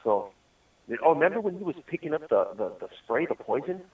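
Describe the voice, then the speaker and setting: A man's voice: a little high, big pitch swings, fairly quick. A man in prison telling rambling stories in casual chat on a call, laughing often. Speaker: incarcerated caller. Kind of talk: casual storytelling over a phone call. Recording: distant, tinny phone line.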